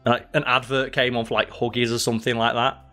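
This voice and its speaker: A man's voice: medium pitch, little pitch movement, quick pace, sharp tone, faint music behind. A man co-hosting a casual chat show, telling rambling stories with lots of "like". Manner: rambling storyteller, does silly voices. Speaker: podcast co-host.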